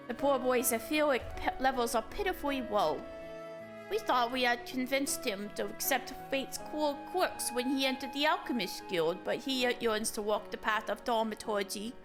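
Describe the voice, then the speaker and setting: A woman's voice: sits high, close to an everyday voice. A woman voicing a proud elder male mage brother, lofty and theatrical in her delivery. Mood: explaining.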